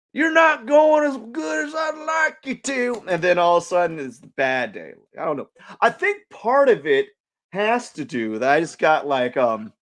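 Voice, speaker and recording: A man hosting his art livestream, chatting in a goofy, rambling way with bursts of playful shouting. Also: high-pitched. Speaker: livestream artist host. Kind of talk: casual drawing livestream chat.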